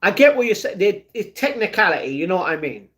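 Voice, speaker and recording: A man's voice: sits high, very animated, fast, fairly bright tone. A young British man chatting casually on a live stream, answering viewers by name and laughing often. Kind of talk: casual live-stream chat, reading chat messages.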